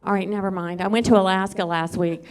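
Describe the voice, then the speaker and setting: A woman's voice: medium pitch, fairly even intonation, quick pace, darkish tone, clean tone. A middle-aged woman works a comedy club stage. Her stand-up set rambles from story to story in a self-deprecating way. She keeps turning to chat with the crowd. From Southwest Louisiana.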